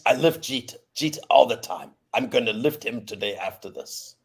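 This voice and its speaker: Gravelly, husky, laid-back man. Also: medium pitch, expressive, normal speed, low-quality recording. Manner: laid-back, goofy jokes. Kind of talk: casual chat.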